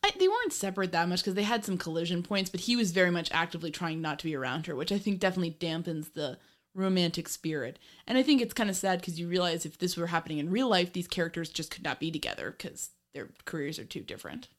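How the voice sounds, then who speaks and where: A woman's voice: lowish voice, expressive, fast. Chatty, laughing woman podcaster. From Ireland. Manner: chatty, laughs often, swears casually. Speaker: podcast co-host. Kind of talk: casual film discussion podcast.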